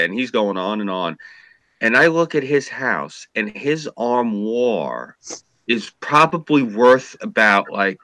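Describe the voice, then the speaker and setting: A fairly low-pitched man rants in casual political chat, swearing freely and slipping into mocking impressions of people he dislikes. His voice is bright and forceful, and it is recorded close and dry with no room sound. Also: expressive, unhurried, no room sound. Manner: profane, ranting, mocking impressions. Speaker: podcast co-host, former journalist.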